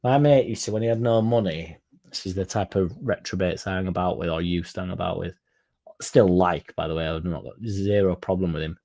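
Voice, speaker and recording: Male fan-channel host, lowish warm voice, casual sweary rambler. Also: brisk, creaky. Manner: sweary, rambling, self-mocking.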